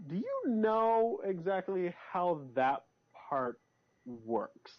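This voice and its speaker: A man's voice: sits high, big pitch swings, drawn-out words. A man playing a tabletop role-playing game, talking casually in a rambling, hesitant, jokey way. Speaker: player. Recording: lo-fi dull recording.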